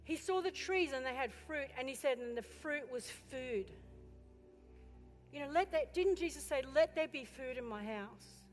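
A woman pastor delivers a sermon in a church. Her voice sits high and climbs to loud, urgent exhortation, and between those passages she drops to chatty questions for the congregation. Her voice rings out in a reverberant hall with faint music behind it. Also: moderate pace, few pauses. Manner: impassioned, builds to loud exhortation.

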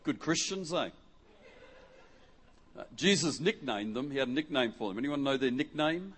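A man's voice: medium pitch, expressive, moderate pace, long pauses, slightly rough. A middle-aged man from Western Australia, preaching a jokey, conversational sermon to a congregation and acting out quotes. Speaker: guest preacher. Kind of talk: lively sermon with audience interaction. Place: church hall before a congregation.

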